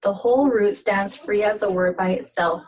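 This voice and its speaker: A woman giving a casual language lesson on pronunciation, speaking slowly and haltingly with many fillers. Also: mid-range voice, a little mellow, low-quality recording. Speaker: language teacher.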